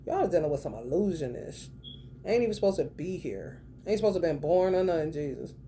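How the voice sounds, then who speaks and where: A young woman reads tarot in a casual spoken session, her low-pitched voice expressive and fairly quick. She's blunt, profane, and slangy, swinging between loud and muttered delivery, with a faint hiss in the background.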